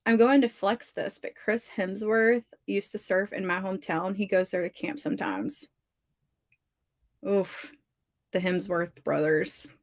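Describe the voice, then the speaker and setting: A woman's voice: medium pitch, fairly even intonation, measured pace, dry recording. Chatty Southern woman, dry close sound. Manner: chatty, gushing, heavy use of "like". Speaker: livestream host of writing sprints. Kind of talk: casual livestream chat, reading comments aloud. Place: her home office.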